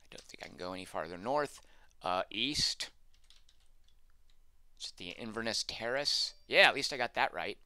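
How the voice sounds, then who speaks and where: A man's voice: on the low side, expressive, moderate pace, long pauses, sharp tone, smooth, dry recording. A man streaming a text adventure, reading the game text aloud and adding wry, sarcastic asides.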